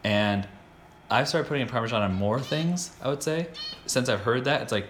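A man's voice: mid-range voice, moderate pace, fairly bright tone, a little hiss or hum. An American man hosting a casual chat, talking in a rambling, enthusiastic way with many restarts. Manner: rambling, self-interrupting, enthusiastic. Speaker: podcast host.

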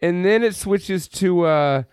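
A man's voice: sits high, slow, a little mellow, clean tone, no echo, studio quality. A man co-hosting a podcast, recapping a film in a rambling, exasperated, profane way. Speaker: podcast co-host. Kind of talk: casual film review chat.

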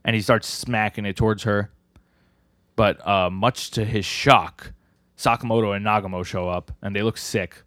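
A man's voice: on the low side, fairly even intonation, normal speed, fairly bright tone, dry recording, clean studio sound. A man co-hosting a podcast, casually retelling manga chapters and acting out the characters' lines as he goes. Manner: rambling, acts out character lines while retelling. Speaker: podcast co-host.

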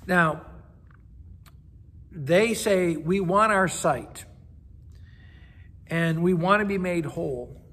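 A man's voice: sits high, slow, pauses often, fairly bright tone. A man, a pastor, giving a daily devotional in an earnest, conversational way, sometimes repeating words as he goes.

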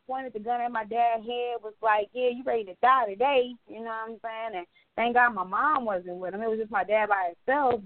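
A woman's voice: fairly high pitch, no room sound. A woman co-hosting a podcast in casual chat, telling a story loosely and profanely. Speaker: podcast co-host. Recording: tinny phone-like dry sound.

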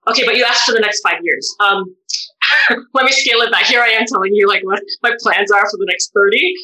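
A woman being interviewed, a therapist and doctoral researcher, speaking in an animated, unscripted way with many fillers and restarts. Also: mid-range voice, brisk, rough recording. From United States. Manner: animated, many fillers and restarts, voice rises sharply when quoting others. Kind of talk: emotional conversational interview.

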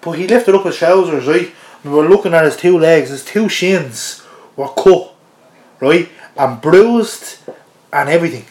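An Irish man with a fairly high voice tells a story as a podcast guest. He chuckles as he goes and keeps it loose and casual. The recording has a roomy, echoey sound. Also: unhurried. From Ireland. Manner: chuckles through an animated anecdote. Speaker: interview guest.

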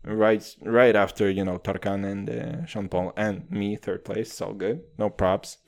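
A man's voice: lowish voice, little pitch movement, measured pace, creaky. A man in his twenties hosting his own podcast, rambling and swearing casually, saying "dude" after nearly every phrase. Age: 20s. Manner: profane, rambling, says "dude" constantly. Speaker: podcast host.

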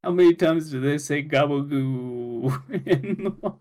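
A man's voice: on the high side, a little slow, a little mellow. A man co-hosting a casual comedy chat, rambling goofily with lots of filler words. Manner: rambling, goofy, fond of filler likes. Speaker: podcast co-host.

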